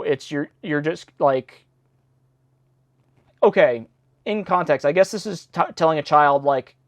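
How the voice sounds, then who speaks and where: A man's voice: a little high, no echo. A man hosting a read-along, reading old nursery rhymes aloud and breaking off with chatty, self-deprecating asides. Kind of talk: casual read-along with commentary.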